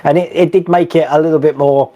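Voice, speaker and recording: A man's voice: on the high side, fairly even intonation, fast, noisy background. A middle-aged man hosting a live stream, chatting casually, reading viewer comments and laughing often. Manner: chatty, laughs often, many fillers and restarts.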